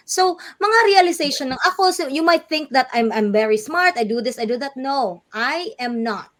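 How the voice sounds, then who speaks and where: Lady coach, high voice, animated, mixing english and tagalog on a live call. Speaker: guest coach. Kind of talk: live online interview chat.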